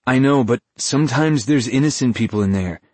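A man's voice: medium pitch, fairly quick, darkish tone, dry recording, voice pushed up, lightly acted. A man voicing an earnest, conscience-stricken young soldier who argues urgently.

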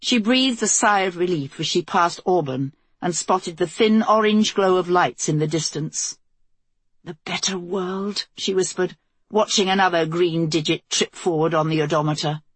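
A woman narrating a novel as an audiobook in a steady, measured storytelling voice, recorded close to the mic. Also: lowish voice, breathy edge, no room sound. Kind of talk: scripted narration.

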